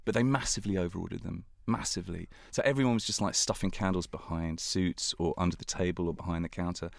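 Guy with a really low voice telling a funny story on himself, super dry close mic. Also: fast talker, gravelly, no room sound. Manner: animated, self-mocking, laughs through the telling. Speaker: interview guest. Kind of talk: anecdotal storytelling.

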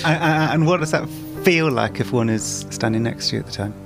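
A man's voice: medium pitch, a little fast, gravelly, over music. Dry, probing male documentary host. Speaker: host and narrator. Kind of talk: documentary narration and interviewing.

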